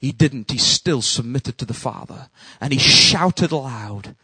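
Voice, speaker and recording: A male pastor preaching a sermon, dropping to a hush and then rising to loud calls. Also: mid-range voice, expressive, measured pace, breathy edge, no echo, rough recording.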